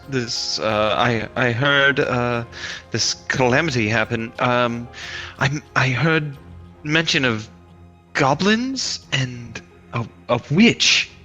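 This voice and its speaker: A man playing a hesitant, bright-voiced stranger. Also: mid-range voice. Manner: hesitant, halting. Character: polite wandering male stranger.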